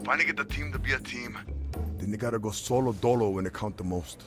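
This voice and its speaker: A man voicing a slangy, fast-talking hero. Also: medium pitch, music in the background, natural voice. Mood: frustrated. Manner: slangy, complaining. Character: frustrated streetwise young male hero.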